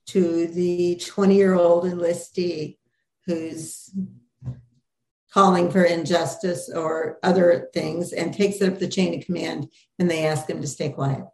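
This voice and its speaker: Earnest older woman, lowish voice. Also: a little mellow, echoey room. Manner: earnest, measured, determined. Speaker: guest, mother of a detained officer. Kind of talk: candid interview conversation.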